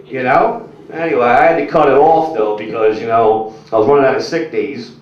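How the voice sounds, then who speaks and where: A man's voice: medium pitch, fairly quick. A young man doing a stand-up set, rambling and crude, full of "like" and "you know", talking to the crowd. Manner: crude, rambling, filler-heavy delivery. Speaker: stand-up comedian. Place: comedy club stage. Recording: echoey, muffled room recording from a distance.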